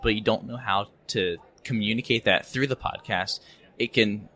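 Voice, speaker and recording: A young man as a podcast guest, talking haltingly with many fillers and repeated words at a conference. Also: fairly low pitch, sharp tone. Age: young adult. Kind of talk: casual interview chat. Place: conference venue.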